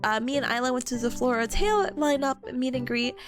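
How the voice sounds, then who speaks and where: A woman's voice: sits high, a little fast, music in the background. A woman streamer chatting casually as she recaps her convention trip, giggling often and stumbling over repeated words. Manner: giggly and animated, frequent laughing and stammered restarts. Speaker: VTuber streamer.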